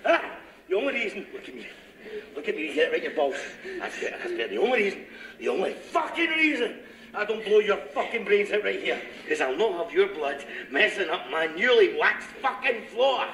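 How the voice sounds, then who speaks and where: An actor playing a sadistic, gloating gangster who mocks and taunts. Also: male voice, sits high, sing-song, normal speed, pushed and bright, reverberant, a little hiss or hum, exaggerated voice. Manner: mocking, taunting, laughing cruelly. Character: sadistic gloating British gangster, middle-aged man.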